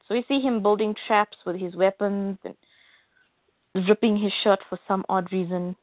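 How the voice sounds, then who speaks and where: Woman podcast host, casual comic recap, middle pitch, tinny phone-like line. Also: steady tone, normal speed, no echo. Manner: chatty, loosely retelling with fillers. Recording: phone-like dry audio.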